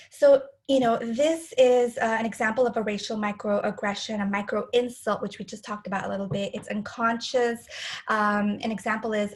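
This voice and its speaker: A woman lecturing with a fairly high voice, talking straight to her listeners. She is candid and emotional, hesitant and full of restarts, and sounds close to tears.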